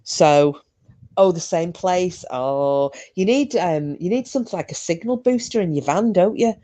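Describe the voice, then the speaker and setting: A woman's voice: fairly low pitch, lively intonation, moderate pace, mellow. A middle-aged woman hosting a casual livestream from home, chatting and laughing through bawdy banter with her viewers. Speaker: livestream host. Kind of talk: casual chat with live chat viewers.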